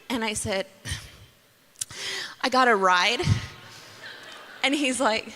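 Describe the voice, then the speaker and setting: A young woman telling a story to an audience, acting out her own lines with lively voices. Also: on the high side, slow pace. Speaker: speaker. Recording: long reverb of a large hall.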